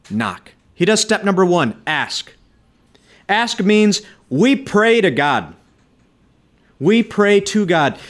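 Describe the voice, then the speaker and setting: Guy preaching a sermon, fairly high voice, really animated, keeps repeating lines for emphasis. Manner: impassioned, repeats phrases, rising emphatic preaching. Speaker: pastor.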